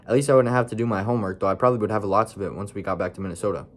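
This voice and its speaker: A man's voice: on the low side, racing. Tired man reading his own book. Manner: mocks his own writing with joking asides. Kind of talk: casual read-aloud of his own story.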